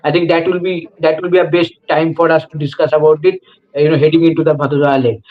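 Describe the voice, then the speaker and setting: A man's voice: fairly high pitch, flat delivery, fast talker. A man giving cricket analysis on a casual live show, hedging often with "I think" and restarting his sentences. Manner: hesitant, many restarts and "I think". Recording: dull lo-fi stream audio.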